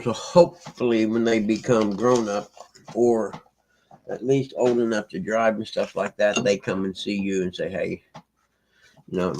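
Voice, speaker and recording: A man with a lowish voice hosts a live stream, rambling in a laid-back way and reading chat, talking to viewers by name. The recording is low quality.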